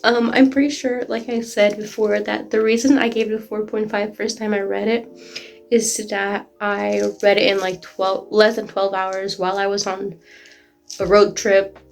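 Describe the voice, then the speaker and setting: A woman chatting casually in a reading vlog, gushing excitedly and peppering her talk with "like.". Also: medium pitch, moderate pace, creaky, faint music behind. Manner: gushing, excited, heavy use of "like". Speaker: book vlogger.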